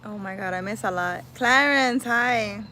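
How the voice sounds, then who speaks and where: A woman's voice: medium pitch, unhurried, pushed and bright, slight background noise. A woman chatting casually on a livestream as a spiritual healer, laughing often and slipping in Spanish exclamations.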